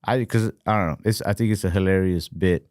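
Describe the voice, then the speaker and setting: Low-voiced man in profane podcast banter. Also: brisk, no room sound, clean studio sound. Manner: animated, profane, jumps into high-pitched quoted voices. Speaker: podcast co-host.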